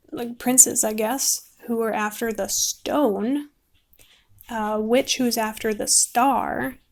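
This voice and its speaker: A woman casually rambling about a book she likes while she paints, chatty and quick to laugh. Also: on the high side, darkish tone. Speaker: book vlogger.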